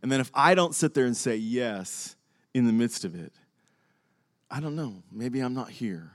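An older male pastor preaches to his congregation in a mid-pitched voice. He tells a personal story with animation and acts out each side of a conversation. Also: moderate pace. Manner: animated storytelling, acting out both sides of a conversation with laughs. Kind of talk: sermon.

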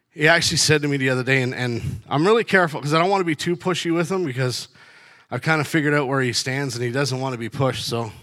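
A middle-aged man tells faith stories in a blunt, down-to-earth way, breaking into short laughs as he goes. His voice sits at an ordinary mid pitch for a man, and his delivery is casual and unscripted. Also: a bit bright. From Canada. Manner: blunt, storytelling, laughing between lines. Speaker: truck driver sharing faith.

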